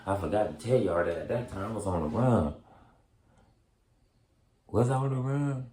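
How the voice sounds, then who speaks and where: A man telling a story in casual street slang, laughing often and acting out quotes in high excited voices. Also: moderate pace, echoey room. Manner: heavy street slang and profanity. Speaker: storyteller vlogger.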